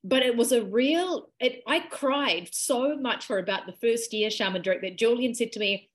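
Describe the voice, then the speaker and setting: A woman, a podcast guest telling a personal healing story in a lively, emotional way and acting out quoted dialogue. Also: a little high, normal speed. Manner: animated, emotional retelling with quoted dialogue and laughs.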